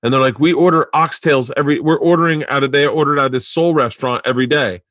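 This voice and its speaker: Animated storytelling man, dry close sound. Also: mid-range voice, fast, no room sound. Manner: animated, acts out quoted voices, swears freely. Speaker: comedian on a podcast. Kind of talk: casual chat, storytelling.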